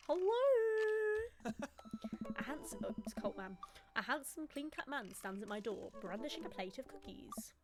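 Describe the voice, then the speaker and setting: A woman's voice: medium pitch, expressive, normal speed. A young woman streaming a dating game, reading it aloud playfully with giggly commentary. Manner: playful, giggly, voices the characters. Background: background music.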